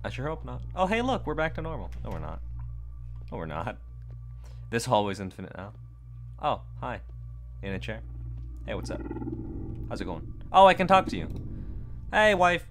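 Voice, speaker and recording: A man giving casual, jokey let's-play commentary on a horror game, reacting quickly with nervous laughter. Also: lowish voice, sing-song, faint music behind. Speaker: gamer playing a horror game.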